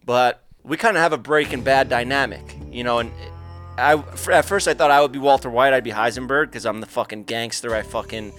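A man hosting a podcast in casual, loud, joking banter with his guests, swearing freely. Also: medium pitch, a little fast, faint music behind. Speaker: podcast host.

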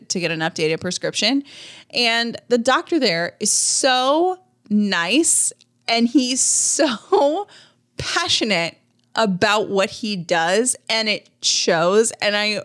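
A woman's voice: mid-range voice, a bit bright. Easygoing woman podcast co-host. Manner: easygoing, chatty storyteller. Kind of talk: casual chat.

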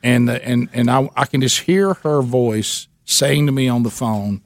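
A man's voice: mid-range voice, unhurried, no room sound, studio quality. A man hosting a radio show, telling a self-mocking story.

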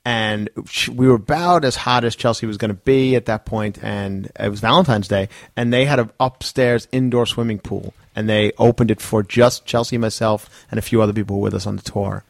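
A man talks quickly as a guest comedian on a podcast, chatty and loose as he spins stories. His voice sounds close and dry, with no room around it. He keeps an easy middle pitch. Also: steady tone, creaky, dry recording. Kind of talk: casual podcast banter.

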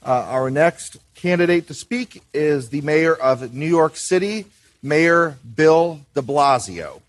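Male event announcer, slow and formal, slightly raised voice. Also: fairly high pitch, animated. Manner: measured, formal. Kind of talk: formal introduction.

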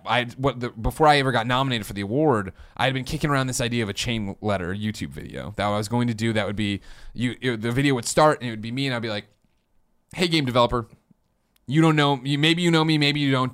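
A man in his thirties rattles through a casual podcast chat at a quick clip. His storytelling is excitable and rambling, packed with restarts and swearing, and his voice sits at an everyday middle pitch. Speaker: podcast co-host.

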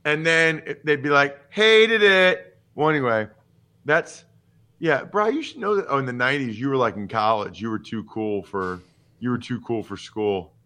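A man in his forties hosting a casual sports podcast, talking in an animated, emphatic and opinionated way with jokes. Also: medium pitch, moderate pace. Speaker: podcast host and former football player.

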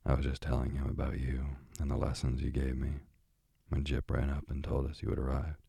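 A man voicing a kindly, absent-minded male doctor in a storybook, speaking politely and mildly in a very deep, gravelly voice. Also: monotone, fairly quick, warm tone, no room sound, studio quality, heavily acted.

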